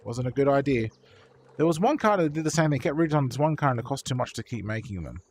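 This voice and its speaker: Brief: young male streamer, mid pitch, chatty and profane, rambling with fillers. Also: animated, quick pace, slight background noise. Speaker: streamer painting models. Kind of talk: casual chat with stream viewers.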